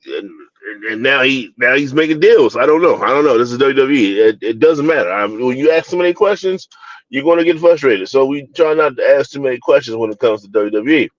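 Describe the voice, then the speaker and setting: A man's voice: medium pitch, no room sound, dull audio. A man from Baltimore co-hosting a wrestling review show, talking in a casual, opinionated way with lots of fillers, restarts and mocking asides. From Baltimore, USA.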